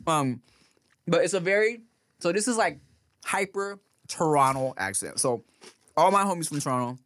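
A man co-hosting a relaxed podcast conversation, his voice moving through a lively, wide-ranging pitch. He keeps dropping into exaggerated slang impressions. The sound is close and dry. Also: normal speed, dry recording. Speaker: podcast co-host. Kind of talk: casual chat.

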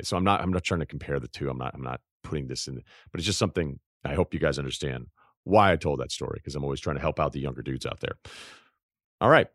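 A man's voice: low-pitched, no room sound, studio quality. A man in his forties, hosting a podcast, tells a personal story in a rambling, reflective, confessional way, with lots of fillers and restarts. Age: 40s. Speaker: podcast host.

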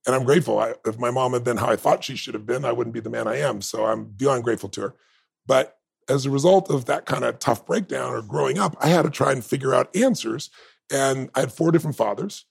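A man with a gravelly, husky voice speaks as a podcast guest. He tells his story intensely and emphatically, pushing hard on key points. The rasp stays in every phrase. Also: medium pitch, quick pace. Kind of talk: storytelling in an interview.

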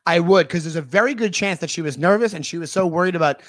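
A man's voice: fairly high pitch, fast, a bit bright, no echo. A man in casual conversation, chatty and full of advice, acting out little quoted lines as he talks. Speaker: podcast co-host. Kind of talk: casual chat.

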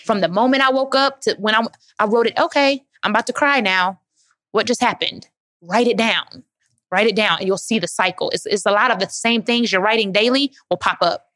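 A woman's voice: mid-range voice, a little fast, a bit bright, dry recording, clean studio sound. A woman speaking as guest at a live Q&A, answering audience questions in an emphatic, motivational way and calling listeners "baby". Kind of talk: live Q&A talk.

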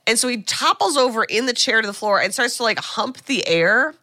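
A woman co-hosting a podcast, recapping a film in an animated, casual chat full of asides. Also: a little high, brisk, dry recording. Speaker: podcast co-host.

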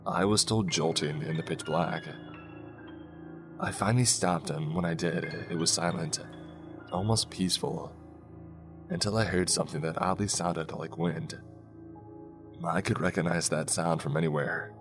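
A man narrating a first-person scary story in a slow, hushed way, with soft music behind him. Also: sits low, fairly even intonation. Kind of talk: scripted horror story narration. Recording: faint background music.

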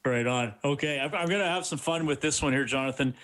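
An upbeat male sports radio host talks at a middle pitch. He moves from a friendly chat with his guest to a brisk rundown of the day's team news. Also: a bit bright.

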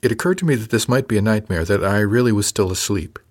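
Calm man narrating an audiobook. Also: lowish voice, quick pace. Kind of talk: first-person audiobook narration.

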